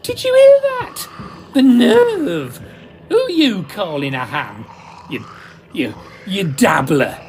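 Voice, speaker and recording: A man's voice: a little high, huge pitch swings, slow, heavy background noise, exaggerated voice. A man voicing an indignant, tipsy male pantomime dame in a camp, huffy manner.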